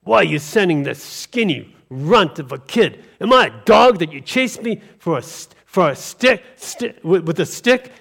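Guy preaching, doing a bragging giant soldier, sneering trash talk, voice up high. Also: very animated, normal speed, gravelly, few pauses, a bit bright, husky, heavily acted. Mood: taunting. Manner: mocking, threatening trash talk. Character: boastful giant male warrior taunting a boy.

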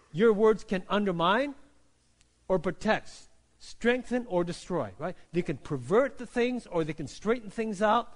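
A man, a pastor, preaching a sermon in a conversational way, checking in with "right?" and restarting his phrases. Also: high voice. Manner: conversational preaching, frequent "right?" and "you know" tags, repeated restarts.

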